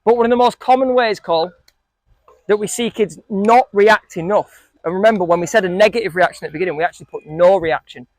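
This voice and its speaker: A man's voice: high-pitched, quick pace, no room sound. A man coaching a group of young football players, asking them questions and joking with them. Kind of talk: coaching talk to a group of kids.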